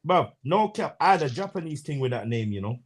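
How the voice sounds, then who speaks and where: A man's voice: fairly high pitch, sing-song, brisk, husky. A man rambling in crude, slang-heavy banter on a live online panel.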